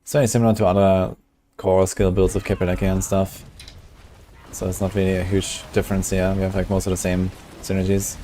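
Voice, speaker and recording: Man, low voice, flat delivery, mellow tone, casual game stream chat, faint background noise. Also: brisk. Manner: relaxed, chatty, thinking aloud while playing. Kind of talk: casual gameplay commentary.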